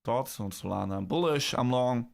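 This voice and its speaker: A man's voice: medium pitch, moderate pace, creaky. A young man with a Dutch accent hosting a casual crypto livestream, reading chat comments and often restarting his sentences. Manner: chatty, repeats words, restarts sentences.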